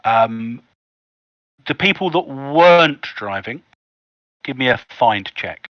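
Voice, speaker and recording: A man's voice: medium pitch, animated, dry recording. Guy game-mastering a tabletop game online, dry close sound, bit muffled lo-fi call audio. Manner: measured, descriptive storytelling with frequent "um" and "sort of".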